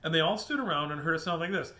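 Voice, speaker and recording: A man reading a children's picture book aloud, animated and chuckling at the pictures. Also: on the high side, racing, a little hiss or hum. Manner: animated, chuckling asides to the listener.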